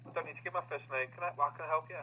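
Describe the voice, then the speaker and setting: A man working as a police call handler, calm, firm and guarded on the phone. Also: a little high, very fast, slightly rough. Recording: tinny noisy phone line.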